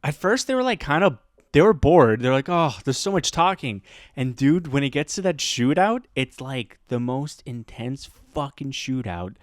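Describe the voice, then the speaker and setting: A man chats on a podcast, spinning a casual story with plenty of laughs and quick impressions of the people in it. His voice sits at an ordinary middle pitch. It is recorded close and dry, with no room sound. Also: no echo. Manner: animated, laughs often, acts out quoted voices. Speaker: podcast host; teacher.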